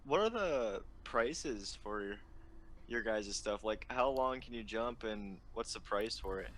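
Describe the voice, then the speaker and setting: A man in relaxed casual chat, asking questions and comparing prices. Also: lowish voice, measured pace. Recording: faint background noise.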